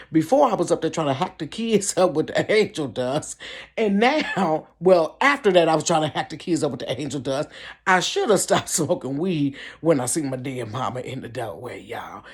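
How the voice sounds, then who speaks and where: A woman telling a story on her vlog from her bedroom, animated and laughing, with big swings in pitch. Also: measured pace, breathy edge. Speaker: vlogger.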